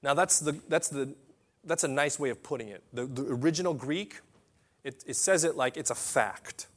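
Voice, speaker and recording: A man preaching a sermon in an impassioned way, swinging between hushed and loud passages and often repeating or restarting phrases. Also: a little high, moderate pace.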